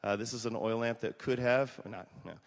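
A man in his forties, a pastor giving a casual, animated sermon with stories and lots of fillers. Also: mid-range voice, normal speed. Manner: animated, conversational, many fillers, acts out quotes. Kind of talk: casual sermon talk with storytelling. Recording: long hall reverb.

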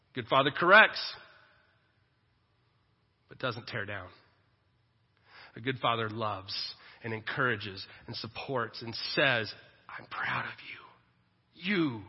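A middle-aged man preaching a sermon in a church, swinging between loud emphatic lines and soft tender ones. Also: mid-range voice, slightly rough. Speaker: pastor. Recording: echoey hall, dull lo-fi audio.

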